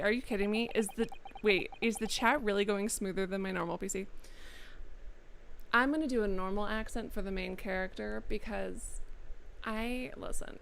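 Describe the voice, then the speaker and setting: A young woman live streaming a game, chatty and excitable, keeping her voice down at home. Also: mid-range voice, vocal fry, a little hiss or hum. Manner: chatty, excitable, reads lines aloud; keeping voice down, not yelling. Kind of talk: casual live stream commentary. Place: quiet home in the mountains.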